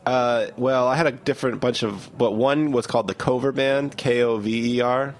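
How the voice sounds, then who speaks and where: A man, a musician guest, telling stories in quick, self-deprecating casual chat on a radio show. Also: medium pitch, steady tone. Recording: radio studio with live music.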